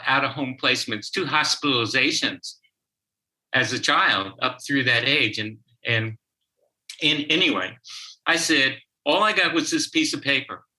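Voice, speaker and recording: A man speaking as an interview guest, telling a story from his counseling work in a halting way with frequent restarts. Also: mid-range voice, pushed and bright, low-quality recording. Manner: slow, halting, with many restarts. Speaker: guest, child therapist.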